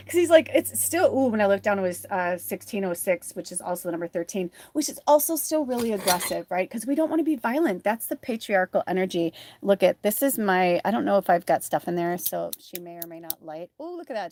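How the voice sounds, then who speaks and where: A woman's voice: medium pitch, lively intonation, fairly quick, hardly any pauses, darkish tone. A woman running a live tarot reading, rambling and encouraging in a casual, chatty way. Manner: rambling, chatty, many fillers; earnest and encouraging to viewers. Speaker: tarot reader and spiritual medium.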